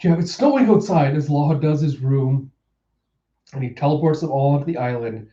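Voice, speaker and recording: A man casually walks through a comic chapter, narrating scenes with loose, chatty phrasing. His voice is mellow and sits a bit high. The recording is roomy and somewhat muffled. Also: moderate pace. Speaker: comic reviewer. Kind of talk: reaction reading with commentary.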